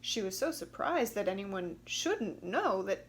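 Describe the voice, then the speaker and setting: Woman reader, children's picture book, slow and expressive, lively swoops. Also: mid-range voice, a little hiss or hum. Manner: expressive, gently emphatic. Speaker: storybook reader. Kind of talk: children's storybook read-aloud.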